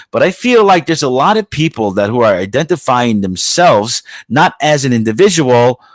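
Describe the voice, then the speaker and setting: A man's voice: mid-range voice, no echo. A man hosting a podcast, talking in a rambling, profane way with many fillers and restarts, from the United States. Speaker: podcast host. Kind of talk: casual podcast monologue.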